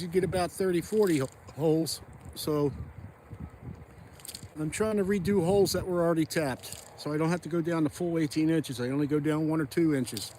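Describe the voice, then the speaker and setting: A man with a slightly higher voice chats casually as he ice fishes on a frozen pond, thinking out loud and wandering between thoughts. He is recorded outdoors on a phone camera, with a faint hiss of noise behind him. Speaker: fishing vlogger. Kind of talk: casual narration while ice fishing.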